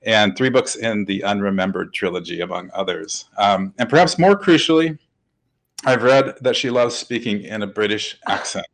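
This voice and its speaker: A man's voice: fairly low pitch, moderate pace, a bit bright, low-quality recording. A man hosting a webcast interview, talking in an upbeat, chatty way with lots of fillers. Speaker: webcast host. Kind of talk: casual hosted interview.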